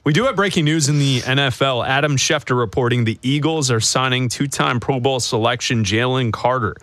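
A man's voice: medium pitch, a bit bright, no room sound, studio quality. A man co-hosting a sports talk show, joking and laughing with his partner and reading out news updates. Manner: laughs often, reads news updates briskly. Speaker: sports radio co-host. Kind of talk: casual sports talk banter.

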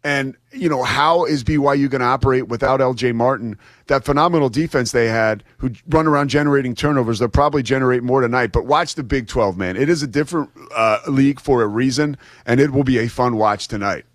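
A man's voice: mid-range voice, a little fast, few pauses, no echo, clean studio sound. A man appearing as a guest sports commentator, chatty and enthusiastic about the games. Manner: enthusiastic, chatty, easy laughs. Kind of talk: casual sports talk.

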